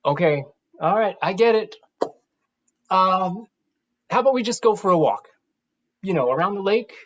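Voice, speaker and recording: An actor playing a caregiver who gently coaxes an elderly woman, in a stage play. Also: medium pitch, lively intonation, moderate pace, muffled recording, close to an everyday voice. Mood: coaxing. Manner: coaxing, pleading.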